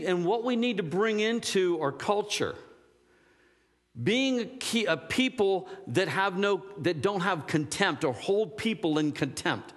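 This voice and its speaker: A man preaching a sermon, rambling and searching for words, then rising to emphatic fervor. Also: high voice. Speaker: pastor. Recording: long hall reverb.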